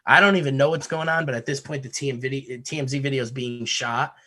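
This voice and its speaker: A podcast host from Connecticut, USA, speaks fast at a medium pitch. He tells a wild story casually and profanely, animated and laughing as he goes.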